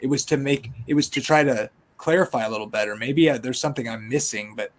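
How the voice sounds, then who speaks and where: Hesitant man in a casual group chat. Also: mid-range voice. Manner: hesitant, halting, with restarts. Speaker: participant in an online group chat.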